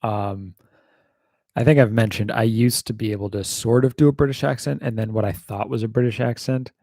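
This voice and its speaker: A man's voice: fairly low pitch, fairly even intonation, brisk, creaky, mellow, no room sound. An American man hosting a casual livestream Q&A, rambling wryly with lots of fillers and the odd swear. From United States.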